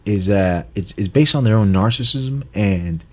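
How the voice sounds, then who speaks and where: A man with a low, husky voice rants through a casual podcast chat. He swears freely and jokes as he rambles. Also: moderate pace, darkish tone. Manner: profane, rambling, joking. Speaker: podcast co-host. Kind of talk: casual banter.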